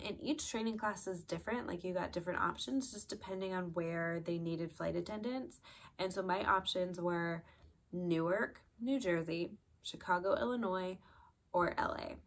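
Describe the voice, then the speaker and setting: Young woman rambling a story to camera, lots of likes and ums, lowish voice. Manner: chatty, with many "like" and "um" fillers. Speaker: vlogger, flight attendant.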